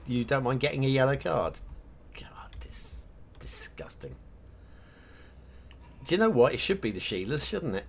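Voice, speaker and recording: A man chatting casually on a live game stream, rambling between topics and humming to himself as he works. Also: mid-range voice. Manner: rambling, hums and mutters to himself while working. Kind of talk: casual live-stream chat while map making.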